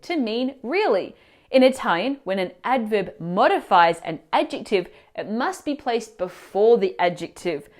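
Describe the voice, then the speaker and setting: A woman teacher explaining grammar mistakes in clear, instructive scripted narration, asking the viewer questions. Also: mid-range voice, sing-song, unhurried. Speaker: language teacher.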